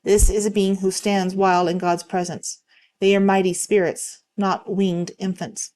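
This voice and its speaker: A woman reading online stories aloud in a calm, steady way. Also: mid-range voice, measured pace. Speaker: narrator reading online posts.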